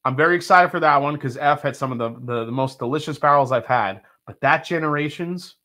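A man's voice: on the high side, fairly quick, pushed and bright. A man hosting a live bourbon tasting stream, chatting casually and reading viewer comments aloud with frequent laughs.

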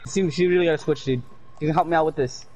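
A young man on voice chat, loud and laughing while he plays with friends. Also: a little high, quick pace, lo-fi sound. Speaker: gamer on voice chat. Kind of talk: casual gaming chat.

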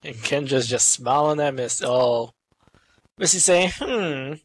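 A commentator calling a virtual wrestling show in casual play-by-play, excitable and swearing freely. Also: mid-range voice. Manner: excitable, swearing, quick asides.

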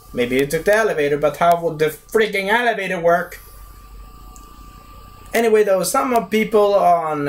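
A young man giving a casual, animated movie review rant who keeps slipping into silly high voices for the characters.

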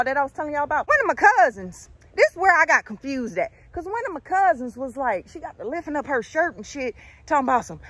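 Recording a laid-back vlog outside, this thirtysomething woman spins an animated, swear-filled story in a voice that sits high. She addresses her audience as "honey" and "y'all."

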